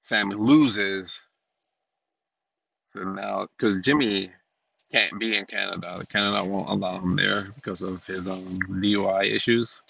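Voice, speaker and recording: A man with a low, gravelly voice hosts a solo podcast in a loose, rambling way. He restarts sentences, fills pauses with ums and swears offhandedly. The sound is muffled and lo-fi. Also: fairly even intonation, a bit bright, dry recording. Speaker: podcast host. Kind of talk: solo casual podcast commentary.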